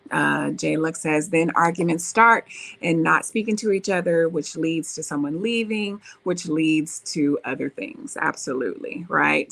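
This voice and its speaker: Woman host, lower voice, coaching tone, repeats points and checks in with "right?". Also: fairly bright tone. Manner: repetitive, coaching, asks "right?" often. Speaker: relationship talk show host. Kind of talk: live-stream advice talk reading viewer comments.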